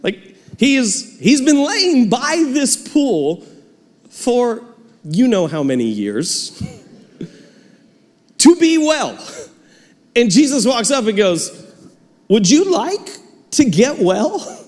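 Animated high-voiced male pastor. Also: slow, long pauses, long reverb tail. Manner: cheerful, animated storytelling with laughs. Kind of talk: sermon. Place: church sanctuary.

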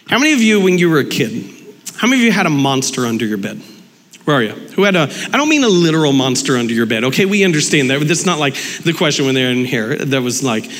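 High-voiced animated male pastor in a hall. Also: quick pace. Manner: conversational, animated, acts out quoted dialogue. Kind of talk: lively sermon with audience interaction.

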